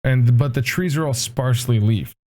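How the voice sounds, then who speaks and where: A man runs a tabletop game as its game master. His voice is mellow and relaxed, and he sits at a middling pitch. He talks in a loose, casual way and swears freely. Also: moderate pace. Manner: casual and profane.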